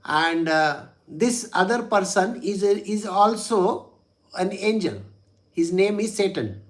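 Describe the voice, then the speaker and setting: A man's voice: sits high, lively intonation, slow. A man, a spiritual teacher telling a religious story in a chatty way, with frequent chuckles and "you know" asides.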